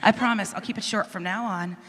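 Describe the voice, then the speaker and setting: A woman's voice: medium pitch, brisk, a bit bright. A woman hosting a panel on stage, enthusiastic and rallying, addressing a young audience in a large auditorium. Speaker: host. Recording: reverberant hall.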